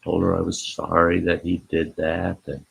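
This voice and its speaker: A man with a deep, low voice that is gravelly and very husky tells a rambling, folksy story on his live stream. He talks slowly and stops now and then to greet people in the chat. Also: completely flat delivery, a bit bright, poor audio.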